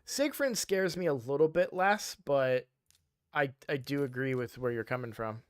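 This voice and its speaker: A man's voice: mid-range voice, animated, moderate pace, clean tone, no echo, clean studio sound. A man chatting casually on a game live stream, sleepy and yawning, rambling with frequent restarts.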